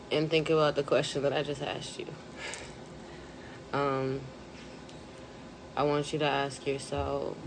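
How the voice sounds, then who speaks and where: A woman's voice: low voice, noisy background. Tearful, hesitant woman streaming live. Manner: hesitant, many pauses and fillers. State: close to tears. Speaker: mental health live streamer. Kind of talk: emotional live stream talk.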